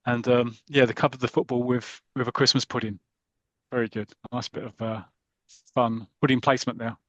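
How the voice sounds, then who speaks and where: A man's voice: mid-range voice, little pitch movement, fairly quick, a bit bright, no room sound, dull audio. Enthusiastic man, dry sound. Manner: enthusiastic, laughs often. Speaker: podcast host. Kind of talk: casual chat, reading comic aloud.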